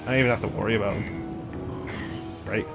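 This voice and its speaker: Speaking fairly quickly in a lowish voice over music, a man streams a game with casual commentary. He rambles and chats, humming and scatting to himself between comments.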